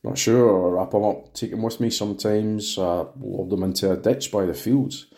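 A man's voice: fairly low pitch, moderate pace, warm tone, lightly acted. A man reading the part of a cocky, evasive male suspect being questioned.

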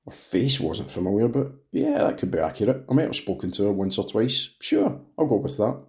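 A man's voice: fairly low pitch, very animated, fairly quick, a little mellow. A man reading the part of a cocky, evasive male suspect being questioned.

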